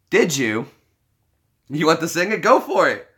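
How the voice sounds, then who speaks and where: With a slightly high, somewhat bright voice, a man talks casually to his live-stream viewers. He rambles through restarts packed with fillers, making self-deprecating jokes and laughing frequently.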